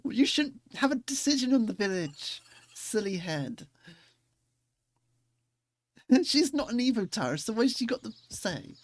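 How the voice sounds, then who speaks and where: A woman streaming a game live, who reads out its dialogue, chats along and giggles and reacts excitably. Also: fairly high pitch, measured pace, long pauses, no echo. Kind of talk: live let's-play, reading game dialogue and chatting.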